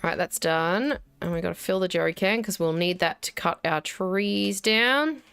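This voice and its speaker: A woman's voice: on the low side, moderate pace, creaky, a bit bright, smooth. An Australian woman in her thirties giving casual, wry gameplay commentary and talking herself through each step. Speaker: gaming video host. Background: faint game music and keyboard typing.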